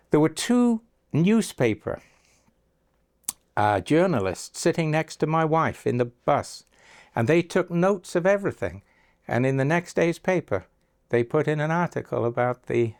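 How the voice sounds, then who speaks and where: An older man recounts anecdotes in an interview, slipping into the voices of the people he quotes. His pitch sits in the middle for a man. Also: darkish tone. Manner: anecdotal, acts out quoted dialogue. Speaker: interviewee, agency founder. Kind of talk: storytelling interview.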